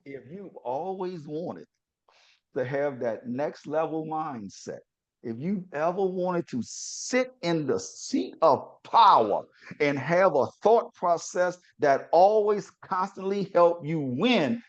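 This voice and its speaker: A man hosting a podcast, hyping up his guest with an energetic, repetitive, preacher-like cadence. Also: sits high, muffled recording. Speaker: podcast host. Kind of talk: hyped-up podcast introduction.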